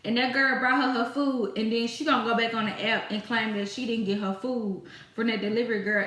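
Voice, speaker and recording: Bright-voiced woman ranting in an echoey room. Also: fairly high pitch, fairly even intonation, fairly quick, hardly any pauses. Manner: exasperated, ranting about customers. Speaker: storytime vlogger. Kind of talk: casual storytelling.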